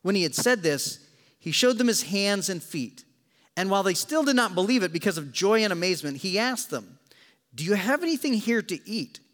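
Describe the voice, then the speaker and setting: A male pastor preaching in a church with a high voice that swings up and down. He tells the story dramatically and drops in jokes. The sound carries a long hall reverb. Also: fairly quick. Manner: animated, dramatic storytelling with joking asides. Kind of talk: sermon.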